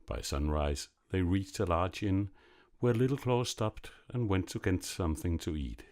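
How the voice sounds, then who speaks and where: A man narrating a classic fairy tale in a measured, expressive reading. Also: deep voice. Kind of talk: storybook narration.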